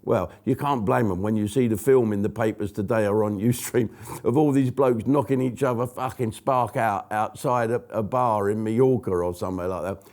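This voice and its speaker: A man's voice: on the low side, normal speed. A man hosting his own online comedy show, ranting bluntly and swearing freely. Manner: blunt, profane, animated. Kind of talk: profane comic rant to camera.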